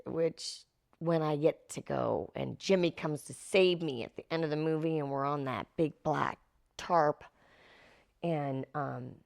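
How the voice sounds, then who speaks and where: A middle-aged actress being interviewed, animatedly telling stories and acting out the quotes. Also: female voice, deep voice, creaky. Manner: animated, acts out quotes with laughs. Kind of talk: anecdotal interview storytelling.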